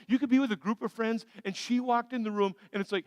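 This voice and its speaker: A man preaching a sermon as pastor, animated and acting out little everyday scenes for the congregation. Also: high-pitched, fast, hardly any pauses, no room sound. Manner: animated, acts out little scenes with shifting energy. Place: large church sanctuary.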